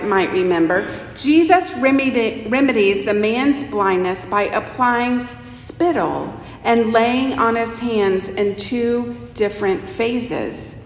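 A woman preacher giving a sermon, telling the story slowly and expressively and voicing the people in it. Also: fairly high pitch. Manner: slow, expressive storytelling with voiced quotes. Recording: echoey church hall with long reverb.

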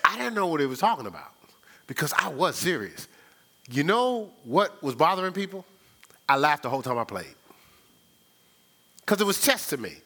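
Older male pastor, fairly high voice, animated story-driven sermon, speaks straight to the pews. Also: normal speed, pauses often, husky. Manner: animated storytelling, sound effects and laughter; conversational, addresses the congregation directly.

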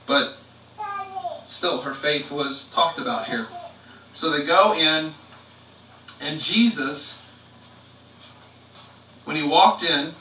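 Male pastor, high bright voice, chatty preaching style, echoey living room, distant mic. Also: lively intonation, takes it slowly, long pauses, a little hiss or hum. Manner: conversational preaching, fillers and restarts. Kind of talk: live-streamed sermon.

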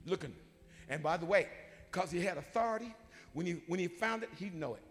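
Man, bishop, sermon, folksy animated storytelling, big pitch swings, high voice. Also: a little fast, big-room sound. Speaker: bishop and pastor. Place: church sanctuary.

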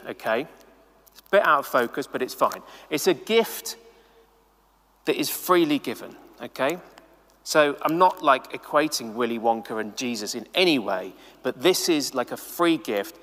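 A man preaching a sermon to the camera in a chatty, animated way, full of casual asides. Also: fairly high pitch, in a large hall. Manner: animated, conversational, many "like"s. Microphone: camera mic.

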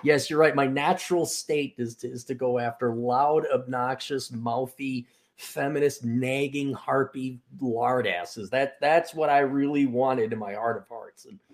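A man's voice: mid-range voice, steady tone, measured pace, few pauses. Crude, sarcastic male talk-show host. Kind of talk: casual late-night chat.

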